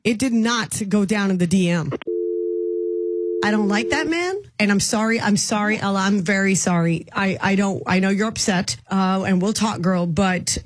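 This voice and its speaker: Outspoken woman radio host, husky. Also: mid-range voice, moderate pace. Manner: outspoken, emphatic, opinionated. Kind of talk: radio talk show.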